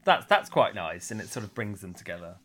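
A man co-hosting a casual chat podcast, giggly and quick to laugh as he gushes about a TV show. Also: fairly low pitch, big pitch swings, fairly bright tone. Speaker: podcast co-host.

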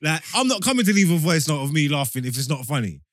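A man's voice: a little high, very animated, fast, dry recording, studio quality. A young man, co-hosting a podcast in casual banter, pressing his point with repeated phrases and slang. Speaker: podcast co-host.

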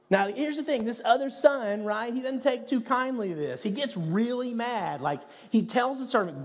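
A man's voice: high voice, animated, moderate pace, few pauses. A man preaching a sermon as pastor, speaking in an earnest, conversational way with rhetorical asides. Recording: long hall reverb.

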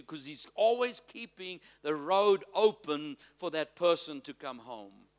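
A man preaching a sermon as pastor, calling out to the congregation and drawing out key phrases slowly, swinging from loud to soft. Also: high-pitched, animated. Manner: preaching with call-and-response to the congregation.

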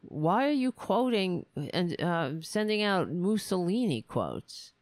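A woman's voice: on the low side, sing-song, takes it slowly, few pauses, darkish tone, dry recording. A woman hosting a political commentary show, talking in a sarcastic, profane and exasperated way. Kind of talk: casual political rant.

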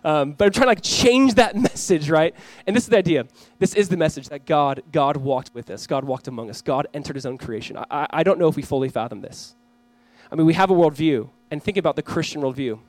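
This Christmas Eve sermon comes from a pastor in his thirties with a fairly high-pitched voice, earnestly reading scripture slowly and playing out family scenes. The low-quality recording has no room sound.

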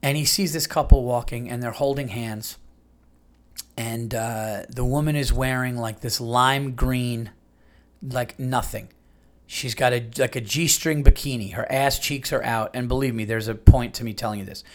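A man's voice: medium pitch, normal speed. A man hosting a podcast, telling a long story in a loose, rambling way with lots of fillers and restarts. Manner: animated retelling with many fillers and restarts. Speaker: podcast host. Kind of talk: casual storytelling.

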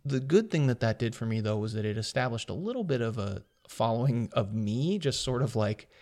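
A man's voice: mid-range voice, expressive, brisk, darkish tone. A man, a guest filmmaker, telling stories in a casual podcast chat, acting out quoted dialogue and swearing freely.

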